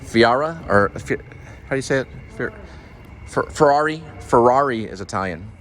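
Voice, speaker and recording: A man's voice: medium pitch, lively intonation, normal speed, fairly bright tone, slight background noise. A man hosting a vlog, chatting casually and musing aloud from a car, often trailing off mid-thought. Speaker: vlog host. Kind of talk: casual chat.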